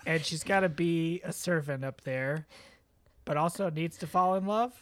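A man's voice: fairly high pitch, normal speed, a bit bright, a little hiss or hum. A man co-hosting a podcast in casual chat, musing and laid-back. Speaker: podcast co-host.

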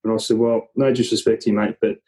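A man's voice: lowish voice, flat delivery, fast talker, warm tone, breathy edge, rough recording. An Australian man, an interview guest, telling a story in a casual, rambling way with many restarts.

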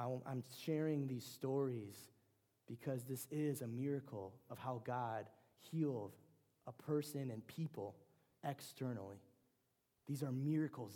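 A man preaches in a relaxed, conversational way and often restarts his phrases. His voice sits in a mid register with a mellow, warm tone. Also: mid-range voice. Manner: conversational, with frequent restarts and fillers. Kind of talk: sermon.

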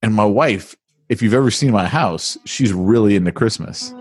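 Lively man telling a self-mocking story. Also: lowish voice, moderate pace. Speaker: podcast co-host. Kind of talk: casual chat.

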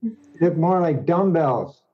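Man, fairly high voice, slow joke-teller, muffled lo-fi sound. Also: lively intonation. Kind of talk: joke telling. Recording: dull lo-fi audio.

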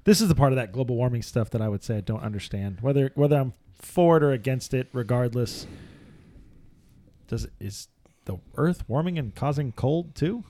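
A man's voice: medium pitch, animated, moderate pace, warm tone, dry recording. Jokey man reading news on a podcast. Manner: reads news aloud, jokey, narrates what is on screen. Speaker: podcast co-host. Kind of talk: casual chat. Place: podcast studio.

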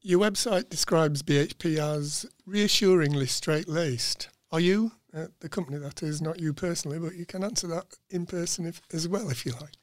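A man's voice: on the high side, moderate pace, hardly any pauses, dry recording. A man hosting an interview, asking questions with light teasing and some hesitation. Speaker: interviewer, host.

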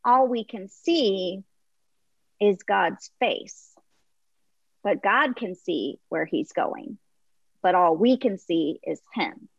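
A woman guest on a faith interview, telling an illustration with lively voices for the crowd. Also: medium pitch, takes it slowly, gravelly, long pauses, slightly rough, dry recording, dull audio. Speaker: guest author.

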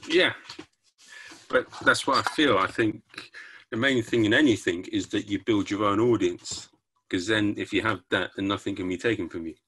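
A man's voice: fairly low pitch, normal speed, fairly bright tone, breathy edge. A man hosting a podcast, asking short questions and chatting casually with his guest. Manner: short prompting questions, easy laughs. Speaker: podcast host. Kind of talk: casual interview chat.

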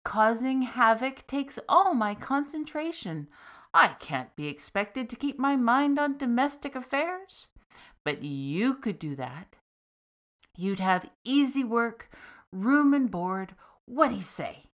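A hearty, booming male demon, voiced by a woman narrator, full of cheerful mischief. He speaks loudly and slowly, relishing every word, like a jolly storybook villain. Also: sing-song, heavily acted. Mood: coaxing.

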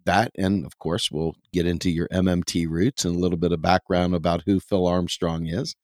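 A man's voice: low voice, level tone, moderate pace, darkish tone, no room sound, studio quality. A man hosting a podcast interview, introducing his guest with enthusiasm. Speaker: podcast host.

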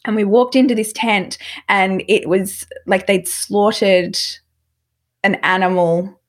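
A woman in a casual interview, recounting her travels in a lively, rambling way. Her voice sits at a middle pitch, and her sentences are full of "like" and restarts. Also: takes it slowly. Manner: animated, filler-heavy with frequent "like". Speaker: podcast guest. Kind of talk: casual storytelling.

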